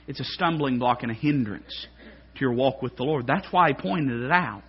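A fervent male pastor preaches in a church, his high voice leaping up and down in pitch. The tone is husky and a little breathy. The recording is muffled and lo-fi. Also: animated, moderate pace. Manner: fervent, swings from quiet to shouted. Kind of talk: preaching sermon. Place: church sanctuary.

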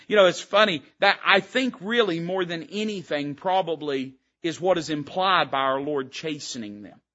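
A man's voice: fairly high pitch, animated, moderate pace, pushed and bright, muffled recording. A man preaching a sermon from the pulpit, speaking in an emphatic, rising-and-falling preaching cadence. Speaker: pastor. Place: church sanctuary.

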